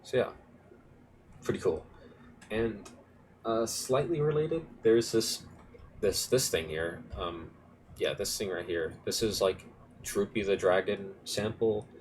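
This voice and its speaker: Low-voiced man walking through a music project. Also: expressive, slow, pauses often, slight background noise. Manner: rambling, self-correcting, offhand. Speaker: music producer. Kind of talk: casual screen-recorded tutorial walkthrough.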